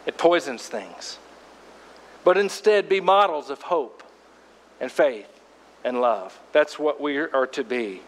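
A man's voice: fairly high pitch, animated, slow, long pauses, big-room sound. An older man preaching a sermon as pastor, in a folksy, conversational storytelling way.

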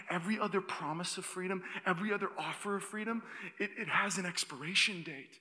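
A young male pastor delivers a sermon in a sharp, bright voice that sits a bit high for a man. He tells stories in an animated way, with restarts and quick asides. The sound rings with the long reverb of a church hall. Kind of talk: sermon with personal story. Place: church auditorium.

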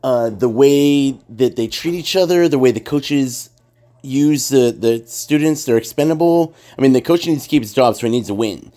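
A man's voice: medium pitch, normal speed, mellow. A man in casual podcast chat, rambling and emphatic, swearing freely as he makes his points.

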